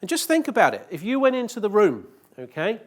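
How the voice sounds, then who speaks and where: A man's voice: high voice, wildly swooping pitch, fairly quick. A man giving a live conference presentation, joking with the audience and asking rhetorical questions. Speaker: conference speaker. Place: conference hall.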